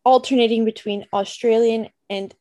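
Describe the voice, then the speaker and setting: A woman's voice: on the high side, fairly even intonation, moderate pace, dark tone. A young woman podcast co-host from Canada, chatting casually and telling a story with lots of fillers. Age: young adult.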